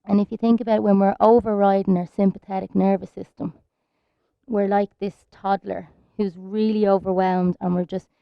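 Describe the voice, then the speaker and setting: An Irish woman teaching yoga, chatty and soothing as she guides each pose. Her voice has a gravelly edge at a middling pitch. It sounds dull and lo-fi, with no room echo at all. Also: flat delivery, moderate pace. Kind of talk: guided yoga class instruction. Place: outdoors in a park.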